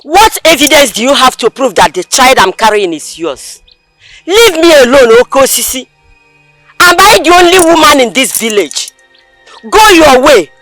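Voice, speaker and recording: A woman's voice: high-pitched, big pitch swings, racing, hardly any pauses, a little mellow, soft background music, low-quality recording. An actress playing a young pregnant village woman who scornfully brushes off a man pressing her. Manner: scornful, dismissive. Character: young village woman rejecting a persistent suitor.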